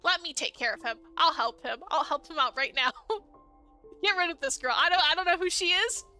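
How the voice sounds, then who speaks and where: A young woman streamer reacting live to a dating game, animated and indignant, laughing often. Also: very high voice, a little fast, faint music behind.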